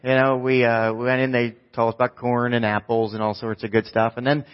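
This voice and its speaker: Brief: man, thirties, relaxed self-mocking preacher, medium pitch, dull muffled church recording. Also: a little fast, clean tone. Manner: casual, rambling, self-mocking storyteller. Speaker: pastor. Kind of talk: preaching a sermon with a personal story.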